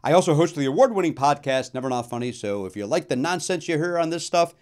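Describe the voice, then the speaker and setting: A man in his fifties, a comedian and show host, telling a comic story with sudden loud outbursts and quick asides. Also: on the high side, lively intonation.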